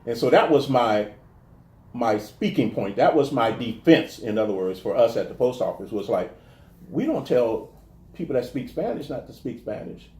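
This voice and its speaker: Animated man, echoey room. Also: medium pitch, normal speed. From American South. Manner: storytelling, animated, restarts often. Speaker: guest talking about his life. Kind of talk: casual interview conversation.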